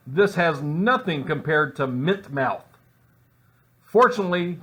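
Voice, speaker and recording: Dude doing deadpan fake-documentary narration, kinda high voice, goes off on tangents. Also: male voice. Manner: mock-serious, digressive asides. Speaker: comedy narrator.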